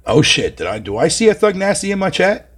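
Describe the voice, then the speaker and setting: A man's voice: high-pitched, very animated, brisk. A young man from Canada chatting on a live stream, reading his chat aloud with profane, mocking banter.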